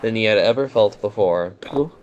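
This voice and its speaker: A man gently reading a bedtime storybook aloud as the narrator, in a soothing manner. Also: medium pitch, unhurried, highs cut off, a little hiss or hum.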